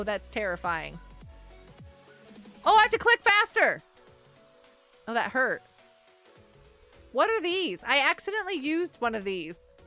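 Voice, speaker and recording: Bubbly high-voiced woman streaming a game. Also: sharp tone. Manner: bubbly, exclaims and laughs often, talks to chat. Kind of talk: casual live game stream chat.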